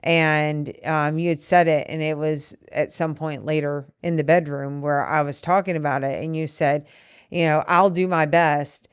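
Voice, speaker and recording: This woman's voice is low-pitched, level, clear and resonant, at a moderate pace. As a podcast co-host, she earnestly discusses a disagreement with her partner at length, restarting her thoughts in an open couple conversation. The recording is dry and clean, studio quality.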